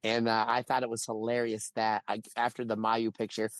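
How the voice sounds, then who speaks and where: A married man co-hosting a podcast, telling a long anecdote in casual chat and acting out the quotes with animated swings in voice. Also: lowish voice, fairly quick, no room sound. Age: adult, married. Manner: animated storytelling with acted-out quotes. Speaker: podcast co-host.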